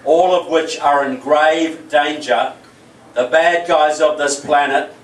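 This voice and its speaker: A man's voice: a little high, fairly even intonation, slow pace. A man with a New Zealand accent giving a keynote speech at a political rally, telling jokey stories and then speaking earnestly. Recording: echoey hall, voice from far off.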